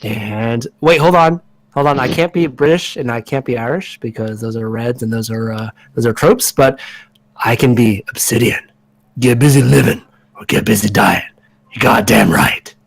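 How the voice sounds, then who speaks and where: A man voicing a smug young male movie star, with deadpan jokes. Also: medium pitch, moderate pace, vocal fry, slightly rough, pitched below the performer's own voice.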